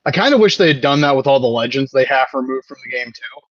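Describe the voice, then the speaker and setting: A man's voice: mid-range voice, expressive, fast talker, fairly bright tone, no room sound, highs cut off. A man in his thirties co-hosting a podcast, chatting casually, rambling and swearing, often laughing. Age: 30s. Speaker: podcast co-host. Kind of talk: casual chat.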